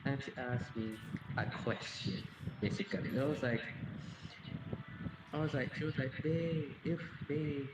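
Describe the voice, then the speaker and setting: A man's voice: moderate pace, pauses often, heavy background noise. A man streaming a game, telling a long personal story in a rambling way, repeating and restarting phrases, and swearing casually. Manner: bursts out louder and higher at the game. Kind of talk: casual storytelling while gaming. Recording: roomy echo with loud music.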